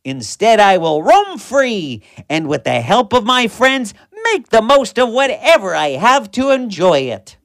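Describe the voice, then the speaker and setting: A woman's voice: mid-range voice, big pitch swings, measured pace, few pauses, no room sound, clean studio sound. A woman voicing a cold, hungry, grumpy male wolf in a children's story. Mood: defiant.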